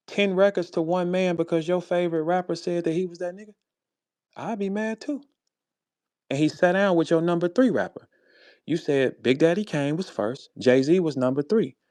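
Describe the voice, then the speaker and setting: A battle rapper with a St. Louis accent calls out a rival in a heated, profane monologue on a live audio space. He drops "bro" and "man" and swings from low muttering to loud, high outbursts, in a dry recording.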